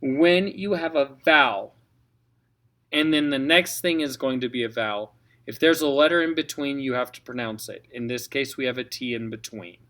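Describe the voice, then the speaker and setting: A man's voice: mid-range voice, normal speed, pushed and bright. A man coaching a choir on French diction, patiently spelling out letters and modeling each sound. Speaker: choir director. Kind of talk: French diction lesson for singers.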